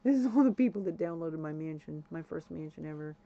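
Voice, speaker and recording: A woman's voice: low voice, lively intonation, fast, muffled recording. A woman live-streaming a game, talking to herself and her viewers as she grows alarmed, with frequent exclamations. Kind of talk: casual live-stream chat.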